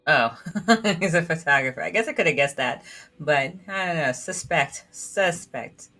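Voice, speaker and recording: A woman doing a let's play, reading out the characters' lines and joking in a giggly, self-deprecating way. Her voice is bright and a little low, with faint game music behind her. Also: expressive, moderate pace. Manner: giggly, self-deprecating, reads dialogue aloud. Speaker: gamer reading all the game's characters.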